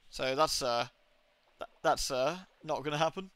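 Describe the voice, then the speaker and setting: A man's voice: fairly high pitch, measured pace, fairly bright tone, clean tone, dry recording. A man streaming a game live, reading its text aloud and chatting with viewers as he decides. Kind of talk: live-stream gameplay with read-aloud narration.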